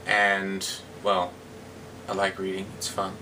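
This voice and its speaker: Chatty man with a lively voice. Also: medium pitch, normal speed, a little hiss or hum. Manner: chatty, slightly hesitant. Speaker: vlogger. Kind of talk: casual vlog talk.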